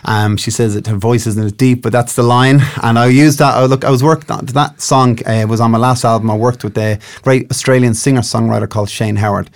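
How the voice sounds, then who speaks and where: A man's voice: medium pitch, steady tone, fairly quick, few pauses. A middle-aged man from Dublin with an Irish accent, a singer-songwriter chatting loosely in an interview with lots of fillers and restarts. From Ireland. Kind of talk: casual interview chat.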